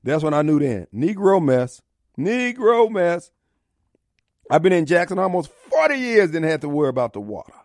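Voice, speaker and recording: A man's voice: on the high side, very animated, fast, few pauses, dry recording, clean studio sound. A middle-aged man hosting talk radio, ranting in a combative, mocking, preachy way. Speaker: radio talk show host. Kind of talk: opinionated talk radio monologue. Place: radio studio.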